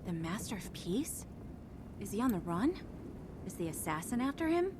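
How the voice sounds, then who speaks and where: A woman voicing an emotional, warm-hearted adult woman adventurer in a video game. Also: mid-range voice, normal speed, lightly acted. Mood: concerned. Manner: expressive, emotional. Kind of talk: video game character dialogue. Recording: game audio with noisy ambience.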